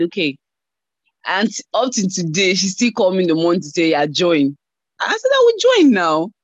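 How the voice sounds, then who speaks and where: A woman giving a church testimony over an online call, telling her story in an animated way and acting out the voices she quotes. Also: sits low, dry recording. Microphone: online call mic. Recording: dull lo-fi online call audio.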